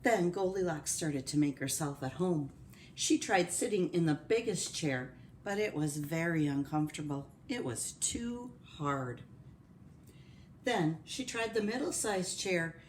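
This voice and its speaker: A woman reads a children's story aloud at an unhurried pace, her pitch moving a lot as she reads. She speaks clearly in a gentle, storytelling manner. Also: slight background noise. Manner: slow, expressive reading.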